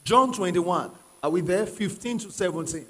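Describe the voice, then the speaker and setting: Male pastor with a husky, high voice, preaching emphatically to a congregation; sound carries a long hall reverb. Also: normal speed, sharp tone. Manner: asks the congregation questions and prods them to answer; emphatic, repeats key phrases. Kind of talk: sermon. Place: church hall with live congregation.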